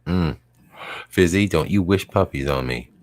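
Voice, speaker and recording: A man's voice: sits low, measured pace, dry recording. A man hosting a live stream, chatting casually and rambling with chuckles. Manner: rambling, chuckling, quotes dogs in silly voices. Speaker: livestream host. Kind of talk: casual chat.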